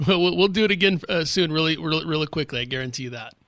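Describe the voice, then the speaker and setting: An enthusiastic male radio host who talks fast with a bright, forceful tone. His voice is a little higher than most men's, and the studio sound is dry and close. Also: expressive. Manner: enthusiastic, effusive. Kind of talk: radio talk show hosting.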